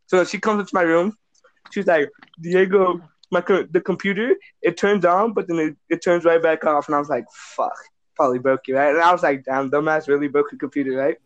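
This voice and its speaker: Profane, animated young man telling a story. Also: on the high side, no echo. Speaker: storyteller among friends. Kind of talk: casual chat.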